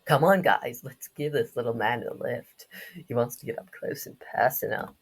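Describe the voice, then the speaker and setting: A woman voicing a cruel teenage bully who sneers in a low, quiet voice. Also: moderate pace, slightly rough, exaggerated voice. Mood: mocking. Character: mean teenage boy bully, mocking and cruel.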